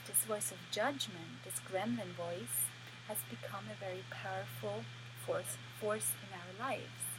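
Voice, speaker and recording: A woman teaching a creativity course, talking earnestly and slowly, with small restarts as she guides listeners through an exercise. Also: medium pitch. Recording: background noise.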